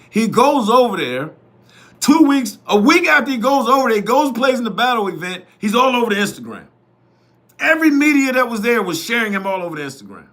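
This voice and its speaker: A man's voice: very high-pitched, sing-song, brisk, a bit bright. A man who hosts youth football media, giving a blunt, profane, repetitive opinion monologue straight to his viewers.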